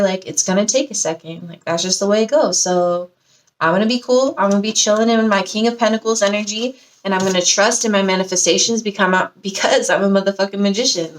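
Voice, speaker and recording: A woman giving a casual pick-a-card tarot reading, slangy and profane, gushing straight to her viewers. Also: mid-range voice. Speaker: tarot reader.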